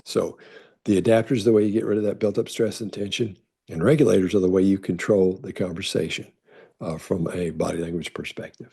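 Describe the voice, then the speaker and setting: Low, husky-voiced man explaining casually. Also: steady tone, brisk. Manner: rambling, conversational, lots of restarts and fillers; reads out questions in a brighter voice. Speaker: body language expert answering viewer questions.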